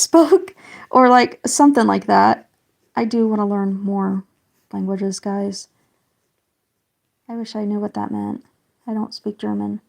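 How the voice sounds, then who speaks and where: A woman's voice: on the high side, creaky. A young woman chatting casually on a live stream while colouring, greeting viewers and reading out their comments with lots of fillers. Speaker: livestreamer.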